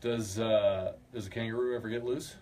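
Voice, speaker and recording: A man hosting a casual radio studio interview, chatty and playful, firing quick questions at his guest. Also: lowish voice, fairly even intonation, darkish tone, a little hiss or hum. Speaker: radio host.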